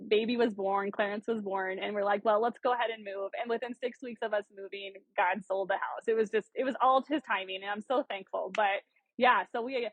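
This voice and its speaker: A woman in her thirties from South Dakota appears as a bubbly podcast guest, telling her story in a casual interview with plenty of laughter and lots of "like" fillers. Her voice sits in the mid range and is animated, and the recording is dry.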